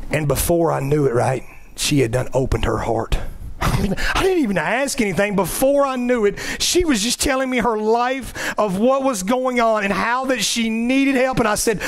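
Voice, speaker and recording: A man's voice: extremely high pitch, normal speed, fairly bright tone. A middle-aged male pastor preaching a conversational sermon, often checking in with "right?".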